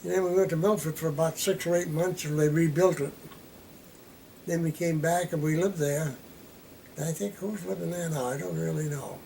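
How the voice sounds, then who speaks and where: A man's voice: fairly high pitch, fairly even intonation, moderate pace, creaky, mellow, a little hiss or hum, low-quality recording. An older man from Massachusetts, recalling his boyhood in a plain-spoken, wry way during an oral history interview at home. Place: living room at home.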